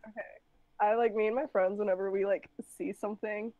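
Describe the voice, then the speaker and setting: Slightly hoarse woman rambling and giggling on a livestream call, medium pitch voice. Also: steady tone, fairly quick, no echo, narrow, tinny audio. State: losing her voice. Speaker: guest streamer. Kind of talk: casual chat while livestreaming.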